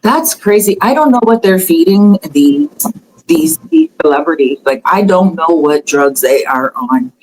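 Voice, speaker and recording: A woman hosting a casual celebrity gossip chat, talking in a chatty, animated way with fillers and laughter. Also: on the low side, poor audio. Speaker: host.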